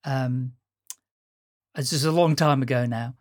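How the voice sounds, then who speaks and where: A woman's voice: rumbling low, a little slow, no echo, studio quality. A middle-aged woman from the Netherlands, whose first language is Dutch, hosting an interview and telling stories in a chatty way, laughing often and restarting sentences. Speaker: podcast host. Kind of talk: casual conversational interview.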